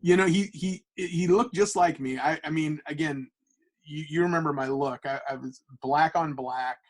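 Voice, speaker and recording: A man, a comic book artist guest, telling stories in casual podcast chat with animated, stammering restarts. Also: fairly high pitch, low-quality recording.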